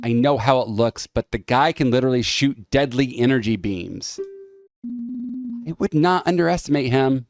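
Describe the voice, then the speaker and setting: A man's voice: mid-range voice, normal speed. A man with an American accent giving casual, rambling commentary on a game he is playing. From United States. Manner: chatty, rambling, lots of "like". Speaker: let's-play host.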